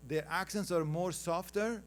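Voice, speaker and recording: A man with a high-sitting voice speaks at a measured pace, with a faint hiss or hum in the background. He's from Afghanistan and has an Afghan accent, and he gives a chatty conference panel talk with slides, teasing the audience and calling for the next slide.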